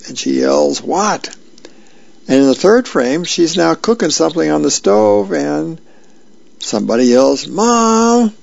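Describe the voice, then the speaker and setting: A man volunteer reader reading comic strips and birthdays aloud in a slow, unhurried way with small fillers and restarts. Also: fairly high pitch, creaky, darkish tone, dry recording, highs cut off.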